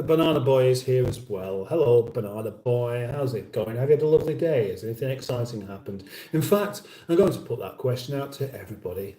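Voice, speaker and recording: A man's voice: medium pitch, warm tone, echoey room, poor audio. A middle-aged British man hosting a casual livestream, reading out viewer comments in a dry, wry, mock-formal way and sounding a little weary. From United Kingdom. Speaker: livestream host.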